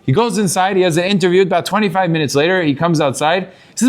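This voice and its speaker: A man, a rabbi, giving a sermon to students. He tells a story in an animated way and mixes in Hebrew terms. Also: high-pitched, fast, hardly any pauses.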